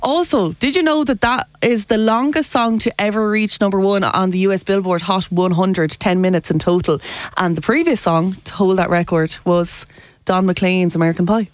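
A woman's voice: mid-range voice, moderate pace, dry recording. A woman co-hosting a radio quiz, teasing and running the game. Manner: teasing, quizmaster. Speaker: radio co-host. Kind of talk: casual chat.

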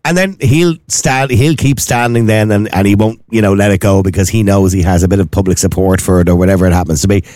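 A man's voice: on the low side, fast, few pauses, darkish tone, no echo, clean studio sound. An Irish man hosting a casual chat, asking probing questions conversationally.

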